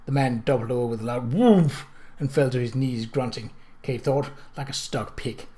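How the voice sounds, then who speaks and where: A man reading a novel aloud in a steady, expressive narration. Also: mid-range voice, normal speed. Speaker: audiobook reader.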